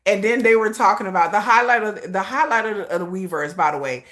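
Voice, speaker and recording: A woman hosting a casual livestream, chatting loosely, laughing often and breaking into excited shrieks. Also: medium pitch, fast talker. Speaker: livestream host.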